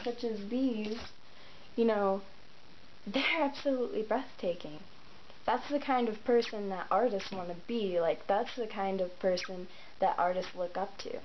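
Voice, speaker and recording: A woman's voice: mid-range voice, moderate pace, a little hiss or hum. A woman giving casual, admiring commentary on game art. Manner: admiring, enthusiastic. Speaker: art segment contributor. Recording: dull lo-fi mic.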